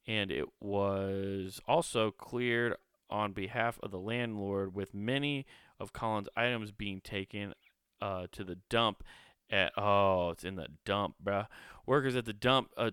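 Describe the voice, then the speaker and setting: A man's voice: fairly low pitch, fairly bright tone, clean tone, no room sound, studio quality. A young man reading a story aloud and reacting to it with rambling, profane asides. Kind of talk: casual reaction commentary.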